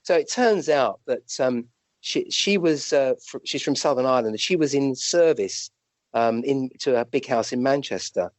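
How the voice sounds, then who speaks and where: British male guest, a doctor telling anecdotes; chatty, restarts a lot, pitch leaps up, dry room. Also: moderate pace, no echo. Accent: British English. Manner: animated, rambling anecdotes with restarts and acted-out quotes. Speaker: guest, physician and medium. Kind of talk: conversational storytelling.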